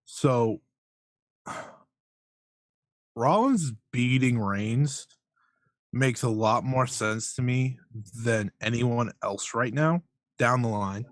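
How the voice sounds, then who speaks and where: A man co-hosting a casual wrestling podcast, giving measured, opinionated analysis. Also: mid-range voice, dry recording. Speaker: podcast co-host.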